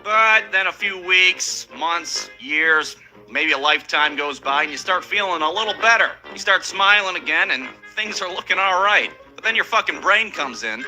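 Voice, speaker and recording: A man's voice: high-pitched, expressive, moderate pace, music in the background, poor audio. A man telling profane comic stories on stage, ranting and acting out people in raised voices. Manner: rants loudly, acts out people in raised voices. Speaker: stand-up comedian.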